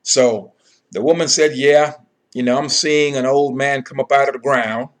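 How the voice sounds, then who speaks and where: A man teaching from scripture in a steady mid-range voice. He reads a verse, then breaks it down with emphatic, repetitive commentary. He keeps checking in with "okay" and "all right.". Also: mid-range voice, moderate pace. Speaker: Bible teacher.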